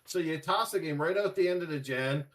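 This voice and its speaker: A man's voice: a little high, brisk. A man co-hosting a gaming podcast, ranting in casual, profane chat and slipping into mocking voices. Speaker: podcast co-host.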